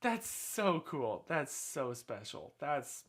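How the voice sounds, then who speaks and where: Chatty, animated man live-streaming from his room. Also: fairly high pitch, measured pace. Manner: chatty, animated, effusive congratulations. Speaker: livestream host. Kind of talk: casual live-stream chat with chat. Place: small bedroom at home. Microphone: desk microphone, sometimes turned away.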